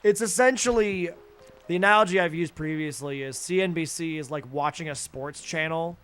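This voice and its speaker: A man's voice: on the high side, moderate pace, a bit bright, clean tone, soft background music. A young man streaming from home, ranting heatedly and with lots of swearing into a desk microphone. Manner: heated, profane ranting with sarcastic asides. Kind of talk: casual angry rant while streaming a game.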